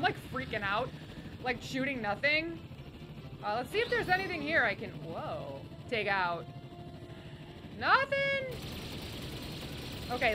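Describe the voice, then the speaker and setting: A woman giving bubbly, excited let's-play commentary, cheering and squealing at the game as she plays. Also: high voice. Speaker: gaming streamer. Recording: game music playing behind. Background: game music.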